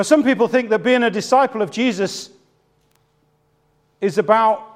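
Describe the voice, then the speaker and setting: A man preaching a sermon, telling a story with humor and building to emphatic high points.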